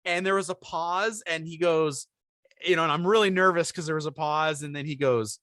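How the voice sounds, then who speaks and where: A man co-hosting a podcast in casual chat, telling a story with lively acted-out quotes. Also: fairly high pitch, moderate pace, dry recording, clean studio sound. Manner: animated storyteller, acts out quoted voices. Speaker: podcast co-host.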